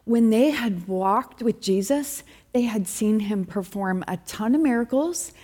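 A middle-aged woman preaching a sermon at church, animated, acting out quoted complaints with sudden high bursts. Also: measured pace. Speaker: church speaker.

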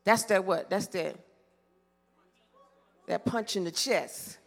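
A woman preaching a sermon, pausing dramatically and asking the congregation to fill in her questions. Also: medium pitch, gravelly, long reverb tail. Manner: call-and-response questions with dramatic pauses. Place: church sanctuary.

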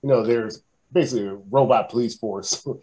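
A man's voice: mid-range voice, a little fast, dark tone, poor audio. Man, podcast co-host, easygoing casual film chat.

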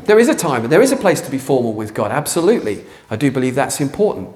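A man's voice: medium pitch, very animated, fast. Passionate man preaching a sermon. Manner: passionate, rising to near shouting. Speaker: pastor. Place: church hall.

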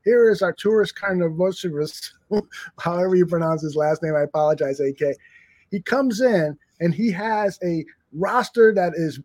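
A man hosting a sports talk show, earnest, talkative and animated. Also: sits high, moderate pace, dry recording.

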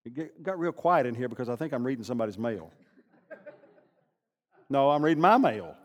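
An older man preaching a sermon, animated, swinging from loud bursts to hushed asides. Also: medium pitch, a little fast. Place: church sanctuary. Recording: long reverb of a large hall.

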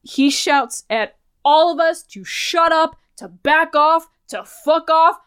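A woman in her thirties co-hosting a podcast, recapping a game in animated, profane storytelling. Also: sits high, slow, hardly any pauses, no room sound, studio quality. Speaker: podcast co-host. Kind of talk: casual game recap chat.

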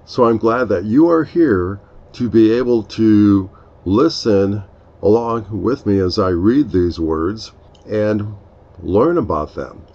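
Slow, low-voiced man hosting a talk. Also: lively intonation, a little mellow, lo-fi sound. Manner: slow, earnest, explaining. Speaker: podcast host. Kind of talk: reflective devotional talk.

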